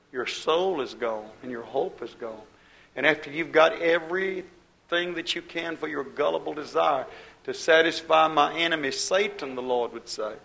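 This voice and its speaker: Male pastor, fiery sermon delivery, slightly high gravelly voice. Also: fairly bright tone, low-quality recording. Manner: preaching with swelling emphasis and quoted scripture.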